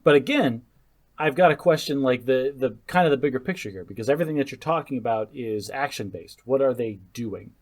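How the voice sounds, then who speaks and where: Podcast guy, mid-pitched voice, stammers and jokes around a lot. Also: fairly quick. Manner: animated, stammering restarts, joking. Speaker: podcast co-host. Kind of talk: casual podcast chat.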